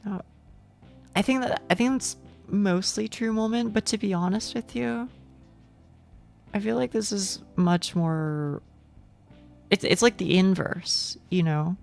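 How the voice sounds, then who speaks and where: A woman's voice: mid-range voice, unhurried, creaky, long pauses, a little mellow, faint music behind. A young woman streaming, chatting casually with viewers, rambling and swearing with frequent laughs.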